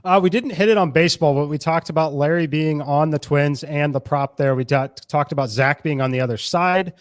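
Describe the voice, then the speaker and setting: A man giving betting analysis in a quick, matter-of-fact way. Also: on the high side, no echo.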